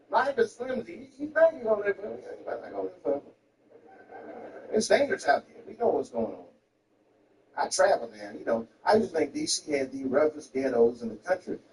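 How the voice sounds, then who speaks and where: Lively male stand-up comic, heard from afar. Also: high voice, brisk, creaky, slight background noise. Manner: animated, profane storytelling with voices. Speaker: stand-up comedian. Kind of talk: stand-up comedy routine. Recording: distant, roomy live recording.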